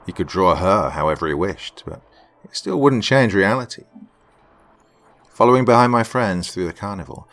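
Deep, animated male storyteller for first-person fiction. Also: normal speed. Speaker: narrator.

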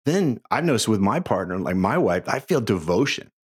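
A middle-aged man with a deep, low-pitched voice speaks as a podcast guest. He tells stories in a lively, animated way, and his voice leaps upward when he gets worked up. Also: moderate pace, breathy edge. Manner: animated storyteller, voice jumps high when excited. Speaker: podcast guest, author and coach. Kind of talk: casual interview chat.

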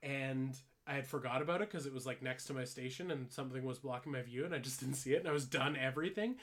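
A man's voice: medium pitch, quick pace, a bit bright. A young man casually telling a long story on a podcast, rambling with many "like"s, swearing and laughing along the way. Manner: rambling, full of "like" fillers, laughs while telling stories, swears freely. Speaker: podcast co-host.

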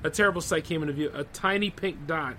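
A fast-talking man with a high-side, bright, forceful voice hosts a podcast where he reads horror stories aloud and adds casual commentary. His asides are loose and conversational, full of "like" and "man." Poor audio adds a little hiss or hum.

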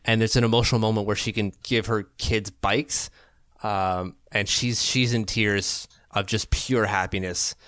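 A man co-hosting a hockey podcast in casual chat. He talks in an animated, opinionated way, often restarting his sentences. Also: on the low side, a little slow, dry recording, clean studio sound.

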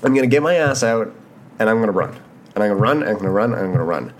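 A man's voice: on the low side, animated, very fast, slight background noise. A man in his early twenties from Canada, giving an impassioned motivational monologue on his podcast, repeating phrases and swearing casually. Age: 20s. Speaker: podcast host.

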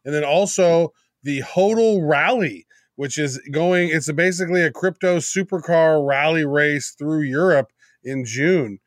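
A man's voice: fairly high pitch, no room sound, studio quality. A man guesting on a podcast, talking casually and teasing his co-host as he tells of upcoming trips. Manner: quick, teasing storyteller.

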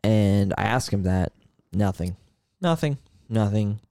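A man's voice: fairly low pitch, animated, unhurried, dark tone, no room sound, studio quality. A man co-hosting a podcast, candidly recounting a personal experience in casual conversation. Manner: candid storytelling about therapy, earnest. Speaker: podcast co-host.

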